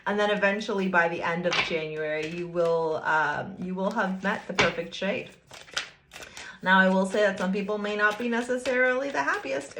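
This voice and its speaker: A woman does a casual tarot reading, chatty and playful, teasing the viewer she speaks to directly and giggling often. Her mid-range voice moves at a normal speed against a noisy background.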